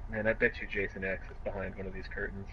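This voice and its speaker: A man with a lowish, bright, forceful voice trades dry jokes while playing a horror game. His mic is dull and lo-fi, with a faint hiss behind him. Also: flat delivery, fast talker, slightly rough. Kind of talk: casual gaming chat.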